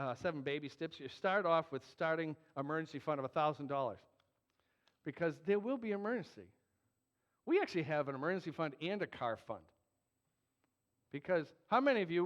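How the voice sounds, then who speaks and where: High-voiced pastor preaching in a reverberant hall. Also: male voice. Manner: earnest, joking asides, emphatic. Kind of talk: sermon. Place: church sanctuary. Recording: dull, long hall reverb.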